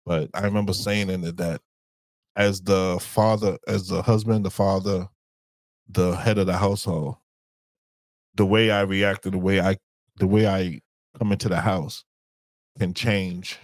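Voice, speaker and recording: A man's voice: low-pitched, fairly even intonation, measured pace, pauses often, no echo. A man co-hosting a casual podcast chat with his wife, rambling and searching for words as he talks. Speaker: podcast co-host.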